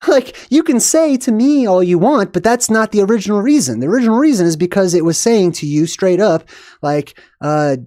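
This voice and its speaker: A man hosting a live video talk in a somewhat high voice. He reads a passage aloud, then wanders off into his own thoughts, stopping and restarting with frequent fillers. The sound is dry, with no room echo. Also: animated, a little fast, dark tone. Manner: rambling, thinking aloud with frequent fillers and asides. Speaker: host of a live video on symbolism. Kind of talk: casual explanatory livestream talk.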